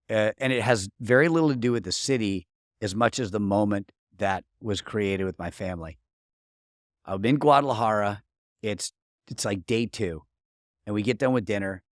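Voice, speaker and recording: In a dry studio-quality recording with no room sound, a lowish-voiced middle-aged man talks as a guest on a podcast. He's a marketing coach sharing personal stories in casual interview conversation, sincere and relaxed, with frequent restarts.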